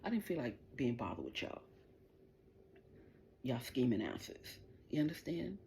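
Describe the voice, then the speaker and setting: A woman's voice: extremely low pitch, wildly swooping pitch, measured pace, vocal fry, warm tone, a little hiss or hum. A middle-aged woman hosting a livestream, delivering an angry, profane, taunting rant straight at the people she is addressing. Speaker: livestream host.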